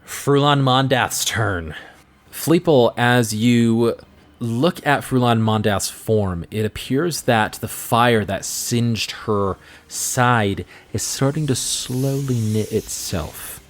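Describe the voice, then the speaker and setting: A man narrating as game master for a tabletop game, upbeat and quick to react. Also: medium pitch.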